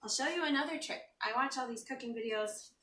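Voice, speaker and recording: A woman with a high, fairly quick voice hosts a casual live cooking stream from her home kitchen, joking, chatting and reading viewer comments aloud while teary from chopping onions. She's off-mic in an echoey kitchen, recorded from a distance with heavy background noise.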